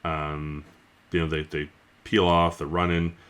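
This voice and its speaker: Deep-voiced man rambling through a review. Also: flat delivery, a little slow, a bit bright, smooth. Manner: rambling, loose, with frequent fillers. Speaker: book reviewer. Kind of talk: casual spoken book review.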